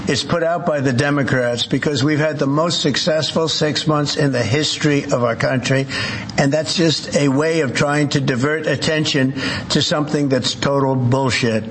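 A man's voice: on the high side, steady tone, moderate pace, slight background noise. A man, a politician, brushing off a question with blunt, dismissive press remarks.

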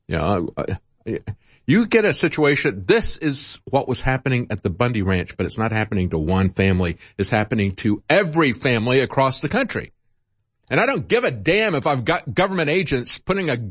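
A man's voice: mid-range voice, big pitch swings, brisk, fairly bright tone, slightly rough, no room sound. Indignant older man ranting on air. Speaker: talk show host. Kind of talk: political talk monologue.

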